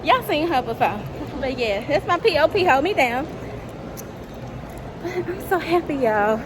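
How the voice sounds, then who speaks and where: A woman chatting excitedly to viewers while strolling through a mall, filmed on a handheld phone. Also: sits high, measured pace, noisy background. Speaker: vlogger. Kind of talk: casual shopping vlog chat. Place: outdoors and inside a shopping mall.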